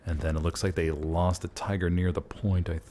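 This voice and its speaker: A man casting a competitive online shooter match play-by-play, folksy and excitable, jumping up in pitch at big plays. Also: moderate pace. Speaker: esports caster. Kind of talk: play-by-play game commentary.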